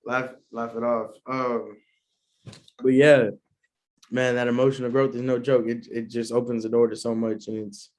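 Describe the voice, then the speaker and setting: A man's voice: mid-range voice, steady tone, normal speed, darkish tone. A young man, hosting a solo podcast in a laid-back, rambling way and laughing often. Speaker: podcast host. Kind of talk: casual solo podcast chat.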